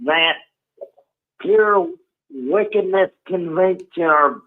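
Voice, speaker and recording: A man on a call-in quiz speaks slowly, with sarcastic remarks. The sound is thin and tinny, like a phone line. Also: high voice. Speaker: quiz contestant.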